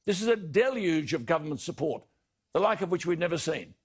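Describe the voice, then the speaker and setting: An Australian man delivering an indignant broadcast opinion editorial, slowing down to hammer home key words. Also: a little high, animated, slightly rough. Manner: indignant, emphatic, slows for stressed words. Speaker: broadcast commentator.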